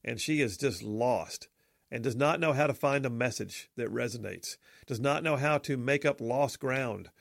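A man's voice: mid-range voice, moderate pace, creaky, dry recording, clean studio sound. A man hosting a casual political talk show, chatty and opinionated with joking asides.

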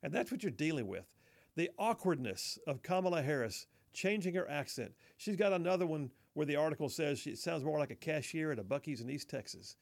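A man's voice: on the high side, sing-song, a little fast, vocal fry. A man hosting a political talk radio show, mocking and folksy, often saying y'all, speaking in a studio.

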